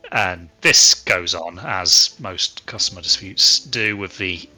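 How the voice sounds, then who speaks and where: A man narrating a tabletop game as game master, relaxed and rambling with many fillers. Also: sits low, slow pace, few pauses, soft background music.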